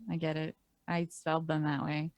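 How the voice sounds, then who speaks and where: A woman's voice: sits low, completely flat delivery, normal speed, a little mellow. A woman playing in a tabletop game, chatting casually about her options. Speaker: player.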